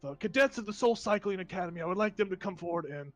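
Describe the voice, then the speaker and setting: A man voicing a pompous male wizard who leads a funeral, talking in a formal and halting way. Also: high-pitched, animated, dry recording, soft background music. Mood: solemn. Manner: hesitant, formal, halting speech.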